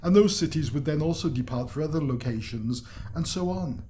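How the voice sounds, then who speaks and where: A man's voice: on the high side, fairly quick, mellow. A man reading a weird tale aloud in an amused way, chuckling and adding asides. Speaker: story reader.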